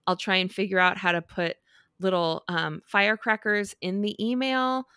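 A woman's voice: medium pitch, fairly even intonation, normal speed, pushed and bright, clear, resonant tone. A woman co-hosting a podcast in a casual, rambling way, tossing in fillers as she goes. Her voice sits mid-range and sounds close and dry, with no room echo. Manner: playful, rambling, lots of fillers. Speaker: podcast co-host. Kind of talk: casual chat.

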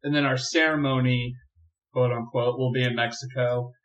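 A young man chatting as a podcast guest, telling animated stories and laughing often. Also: mid-range voice, moderate pace, lo-fi sound. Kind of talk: casual chat.

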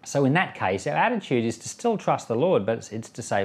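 A man's voice: medium pitch, big pitch swings, brisk. Pastor guy reading the bible then chatting about it, voice goes up and down a lot. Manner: conversational, acts out quoted voices. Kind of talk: Bible reading with spoken commentary.

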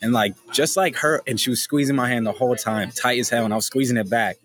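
A young man as a podcast guest, talking in casual conversation with an emotional, halting manner and many restarts. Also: medium pitch, fairly bright tone.

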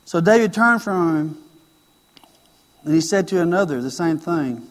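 A man's voice: on the high side, lively intonation, a little slow, pauses often, long reverb tail. A man preaching a sermon, telling a story and acting out its lines, repeating phrases for emphasis.

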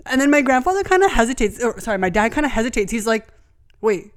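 Female co-host, lively storyteller, higher-pitched voice. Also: racing. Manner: lively storytelling, acts out quotes. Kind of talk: casual chat.

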